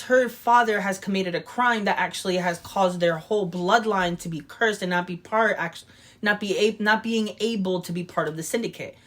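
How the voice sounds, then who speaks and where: A woman co-hosting a podcast in casual chat, speaking with enthusiasm and halting over her words. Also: mid-range voice, a bit bright. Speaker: podcast co-host. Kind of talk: casual chat about a video game.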